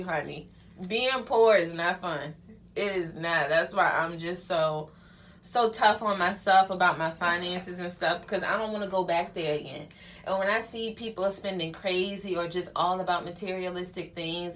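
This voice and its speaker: A woman's voice: fairly low pitch, normal speed, a bit bright. A young woman vlogging as she gets ready, telling her life story in a candid, chatty way and using slang like honey and child. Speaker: vlogger and hairstylist. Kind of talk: casual get-ready-with-me storytelling.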